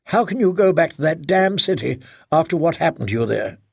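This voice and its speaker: A man voicing a gentle, worried middle-aged father in an audiobook, speaking softly and tenderly. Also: a little high, expressive, a little fast, vocal fry, slightly rough, no echo, studio quality, pitched above the performer's own voice, heavily acted. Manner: soft, tender. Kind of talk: audiobook character voice.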